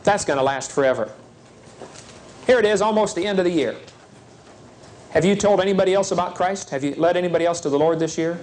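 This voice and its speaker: A man's fairly high voice preaches to a youth seminar, folksy and urgent. He acts out little scenes with lively swings in pitch. A faint hiss sits under the recording. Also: quick pace, long pauses. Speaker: evangelist speaker.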